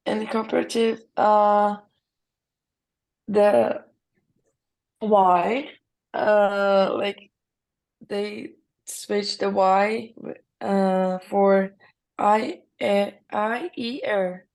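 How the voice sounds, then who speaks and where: Brazilian girl student, super slow and gravelly, hesitant and hunting for words. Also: medium pitch, fairly even intonation, a little mellow, low-quality recording. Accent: Brazilian Portuguese. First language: Portuguese.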